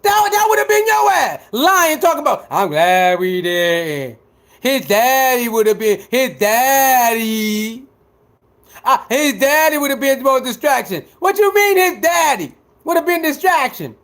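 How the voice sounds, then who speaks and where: High-pitched man in a heated profane rant. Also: expressive, unhurried, a bit bright. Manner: repetitive, mocking, heated. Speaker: sports commentator.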